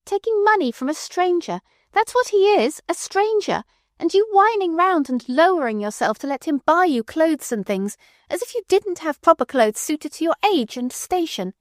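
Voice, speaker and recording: A woman voicing a furious, shrill young woman who shouts accusations at her aunt, in an audiobook. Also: very animated, moderate pace, dry recording, clean studio sound. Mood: scornful. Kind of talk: audiobook character voice.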